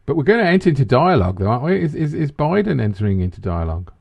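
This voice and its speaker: Sweary animated podcast host. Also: male voice, medium pitch, racing, creaky, slightly rough. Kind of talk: casual banter podcast.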